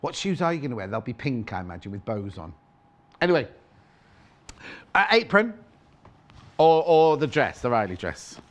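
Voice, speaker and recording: A man's voice: medium pitch, very animated, moderate pace, long pauses. A man presenting on a live shopping channel, chatting playfully, teasing his co-host and reading out fabric prices. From United Kingdom. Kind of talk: live TV sales chat. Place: TV studio. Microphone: clip-on mic.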